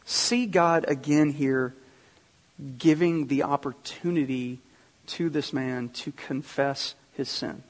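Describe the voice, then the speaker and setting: A man's voice: fairly high pitch, slow pace. A man preaching a sermon, teaching earnestly and speaking directly to the congregation. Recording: long reverb of a hall.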